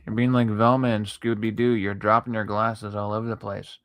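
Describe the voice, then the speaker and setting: A man chatting casually with his viewers while he draws late at night, sleepy and yawning, swearing freely, talking to chat between long pauses. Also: on the low side, level tone, a bit bright. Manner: laid-back, swears a lot, talks to chat between pauses. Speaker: art streamer.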